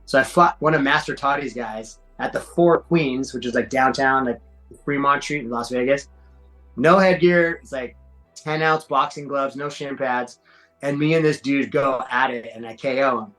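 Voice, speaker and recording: A middle-aged man, a podcast guest telling fight stories in a slangy, animated way. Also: mid-range voice, normal speed, soft background music, low-quality recording. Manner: animated, acts out quoted voices, slangy. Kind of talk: casual storytelling.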